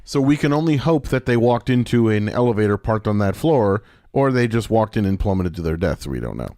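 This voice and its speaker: A man's voice: lowish voice, animated, fairly quick, dark tone, no room sound, clean studio sound. A man co-hosting a podcast, chatting casually and a bit rambling as he recaps a sitcom episode. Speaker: podcast co-host.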